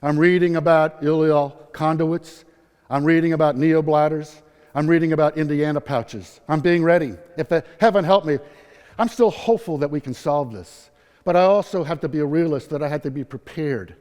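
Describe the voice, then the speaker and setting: A man's voice: on the high side, normal speed, a little mellow, smooth. A man in his sixties gives a personal story talk at a conference, upbeat and humorous, acting out quotes. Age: 60s. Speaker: patient speaker at a nursing conference. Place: conference hall. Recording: long hall reverb.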